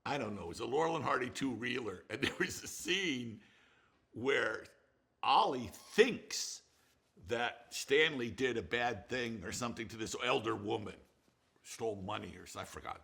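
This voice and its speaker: An older male film director reminisces in an interview, his stories meandering with frequent restarts, laughter and some cursing. The voice is medium-pitched and expressive at a moderate pace, gravelly and a bit bright, with a breathy edge.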